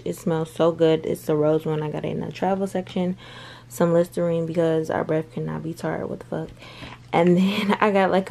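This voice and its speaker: A woman's voice: low-pitched, creaky, warm tone, slight background noise. A young woman in her twenties vlogging in casual, candid chat, swearing freely and calling her viewers y'all. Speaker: beauty vlogger.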